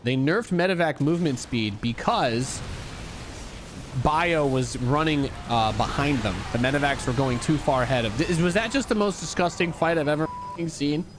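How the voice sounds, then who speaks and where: A man's voice: on the high side, animated, moderate pace, noisy background. A young man giving casual, joking commentary on an esports replay as a streamer. He swings between hype and dry asides. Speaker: streamer and caster.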